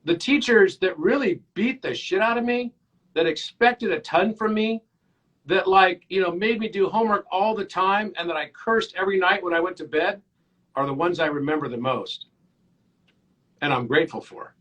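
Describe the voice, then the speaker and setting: A man in his fifties, a podcast guest, talking earnestly and telling animated stories. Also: high voice, normal speed, low-quality recording. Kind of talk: casual interview chat.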